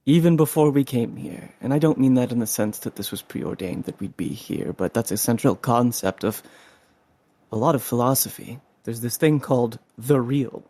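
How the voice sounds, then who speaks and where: A man's voice: medium pitch, a little mellow, no echo. A man playing in a tabletop game, musing in a thoughtful, philosophical way. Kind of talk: in-character roleplay and table chat.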